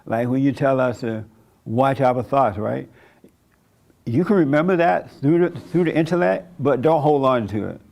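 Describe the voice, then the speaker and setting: A man's voice: mid-range voice, moderate pace, creaky, darkish tone. A man preaching a sermon in a conversational way, chuckling often and acting out the voices of people he quotes. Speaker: pastor.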